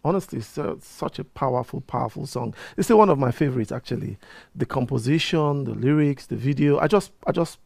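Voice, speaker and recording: A man, a reverend hosting his own program, telling a personal story in a casual, animated way and often restarting his sentences. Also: mid-range voice, a little fast, creaky, dry recording, studio quality. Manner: animated storyteller who gets heated and repeats himself. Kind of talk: casual talk-show monologue, personal storytelling.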